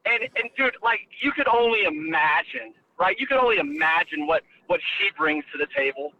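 A man calling in to a radio show from his car, rambling excitably with lots of fillers over the phone. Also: high voice, normal speed. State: driving while calling in. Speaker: caller. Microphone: phone line. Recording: muffled phone call with faint noise.

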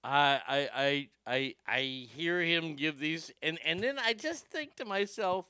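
A man's voice: fairly high pitch, lively intonation, measured pace, bright, forceful tone, clear, resonant tone, no echo. A man hosting a political commentary show, sarcastic and profane, mocking what he plays. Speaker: host.

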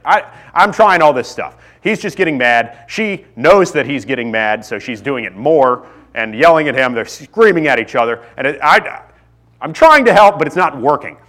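A man's voice: on the high side, animated, normal speed, a bit bright. A man in his thirties preaching a sermon in a casual, self-deprecating way that rises to fervent pleas. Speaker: pastor. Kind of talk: sermon with personal stories.

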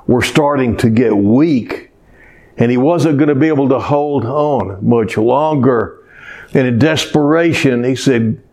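Slow, folksy male preacher. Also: medium pitch, a little mellow. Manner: folksy storytelling with rhetorical questions. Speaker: pastor. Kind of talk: sermon.

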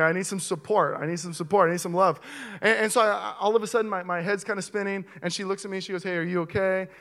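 A young man preaching as a pastor, telling a comic story to his church and getting loud and animated at the funny parts. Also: high voice. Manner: animated storyteller, voice rising sharply with excitement. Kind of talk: sermon with a comic personal story. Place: church auditorium with audience.

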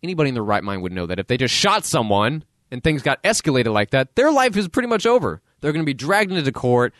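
Blunt, animated man hosting a podcast. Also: mid-range voice, fast, dry recording, clean studio sound. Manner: blunt, acts out voices in dialogue. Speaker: podcast host. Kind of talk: casual opinion commentary.

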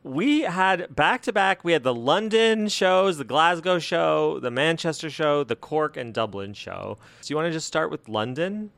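A man's voice: on the high side, animated, measured pace, vocal fry, hardly any pauses, a bit bright, dry recording. Man, podcast host, playful banter, laughs a lot, dry close sound. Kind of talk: casual chat.

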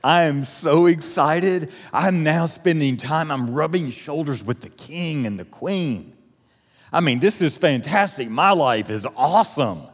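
A preacher putting on a giddy, bragging royal schemer. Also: male voice, mid-range voice, moderate pace, big-room sound, lightly acted. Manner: giddy, bragging, rising excitement. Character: boastful scheming royal official, male, adult.

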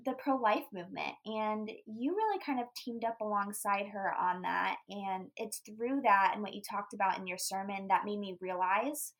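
A woman's voice: medium pitch, moderate pace, few pauses, fairly bright tone, poor audio. A young woman hosting a podcast, gushing and bubbly in casual interview chat, with lots of fillers. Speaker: podcast host.

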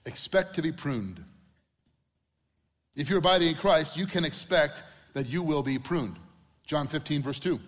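A man's voice: a little high, expressive, measured pace, pauses often, in a large hall. A middle-aged man preaching a sermon in a conversational way, acting out quotes with humor. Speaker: pastor.

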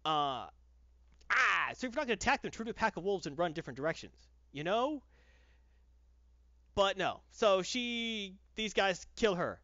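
Male comic reviewer, slightly high voice that swings widely, sarcastic and exasperated; dry, dull lo-fi recording. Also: sing-song, moderate pace, sharp tone, dry recording. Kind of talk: casual podcast chat.

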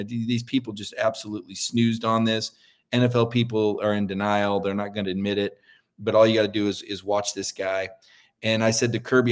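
A middle-aged man, a sports columnist in an opinionated, folksy debate who often repeats words as he builds a point. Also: fairly low pitch.

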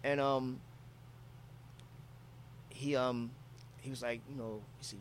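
A man's voice: mid-range voice, normal speed, pauses often, fairly bright tone, slight background noise. A man from Philadelphia telling a travel story in casual, profane talk, acting out quotes from people he met.

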